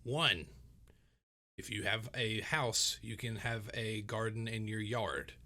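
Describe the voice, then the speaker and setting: A man co-hosting a podcast in casual chat, animated and teasing, often restarting his sentences. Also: lowish voice, slow pace. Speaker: podcast co-host.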